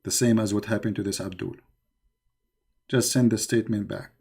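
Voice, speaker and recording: Closing out his call-in show, a gravelly, dark-voiced male host talks casually to listeners about faith. He's on the low side, speaking at normal speed with fairly even intonation, in plain words packed with fillers and repetition.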